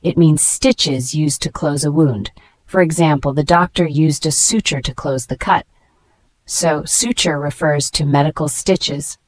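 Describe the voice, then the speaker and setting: Low-voiced woman teaching vocabulary. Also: dry recording. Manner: steady, spells words letter by letter; slows down to pronounce each word. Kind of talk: scripted vocabulary lesson.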